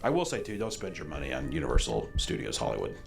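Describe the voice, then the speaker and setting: A man's voice: very deep voice, wildly swooping pitch, quick pace, creaky, music in the background. A young man hosting a reaction video, reading a list aloud with casual, jokey asides.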